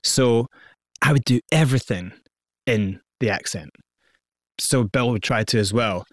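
A Scottish man, a guest in an interview, telling his story in a lively way and acting out quoted lines. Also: medium pitch, unhurried, no echo, clean studio sound. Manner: lively, animated storyteller who acts out quotes.

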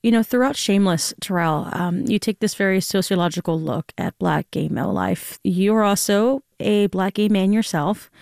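A woman's voice: medium pitch, gravelly, darkish tone, dry recording. A woman hosting a morning radio show, friendly and conversational, speaking into a studio microphone. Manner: friendly, conversational, quick to laugh. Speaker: radio news host. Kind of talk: live radio hosting and interviewing.

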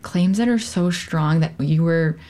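A woman's voice: low voice, unhurried, warm tone. A woman immigration attorney speaking casually and emphatically in an interview. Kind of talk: interview conversation.

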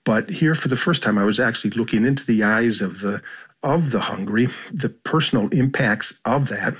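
An American man, a journalist, answering interview questions in a measured, reflective way, with frequent fillers and restarts. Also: medium pitch, fairly bright tone, breathy edge. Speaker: journalist and author.

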